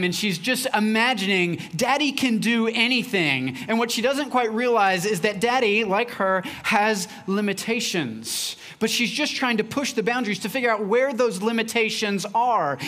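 A young adult man delivers a sermon as pastor. He talks to the congregation in a relaxed, conversational way. He slips into quoted lines from home as he goes. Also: high voice. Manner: conversational, acts out quotes from his daughter.

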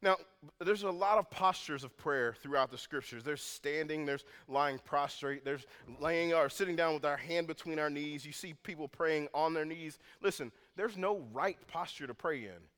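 A man preaching a sermon as pastor, moving from calm teaching to loud, intense passages. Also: on the high side, normal speed, clear, resonant tone. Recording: long hall reverb.

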